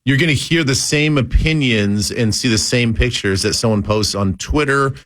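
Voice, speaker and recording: A man's voice: mid-range voice, a bit bright. A man co-hosting a radio show, jumping in with teasing and firm opinions. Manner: quick to jump in with teasing, opinionated. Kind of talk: casual sports radio banter.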